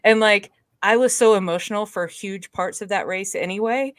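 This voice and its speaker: A woman's voice: medium pitch, moderate pace, no room sound, studio quality. A woman co-hosting a podcast in casual chat, recounting a moving moment in a reflective way with fillers. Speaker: podcast co-host.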